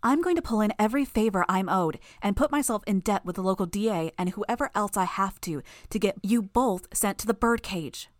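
A woman's voice: medium pitch, brisk, hardly any pauses, no echo, clean studio sound, lightly acted. A woman voicing a furious young superheroine who threatens and swears at her foes. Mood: menacing. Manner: shouting, menacing, profane.

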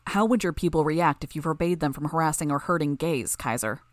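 A woman narrator voicing a calm, steady young man speaking for his team. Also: low voice, a little fast, no room sound, studio quality, natural voice. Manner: calm, even.

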